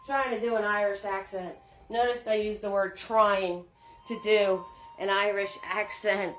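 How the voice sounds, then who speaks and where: A woman's voice: medium pitch, fairly even intonation, measured pace, a bit bright. A woman hosting a live painting lesson, chatty and upbeat, greeting viewers by name as she gives steps. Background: faint Irish music.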